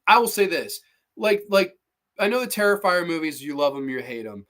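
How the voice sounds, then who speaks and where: On a livestream, a male horror podcast host chats casually in a voice pitched slightly high. He rants animatedly and swears a lot, stammering and starting over whenever he gets worked up.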